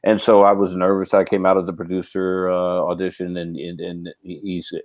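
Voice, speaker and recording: A man's voice: low voice, level tone, moderate pace, a little mellow, no room sound. A middle-aged man, a guest actor, telling long casual anecdotes, rambling with many restarts and fillers.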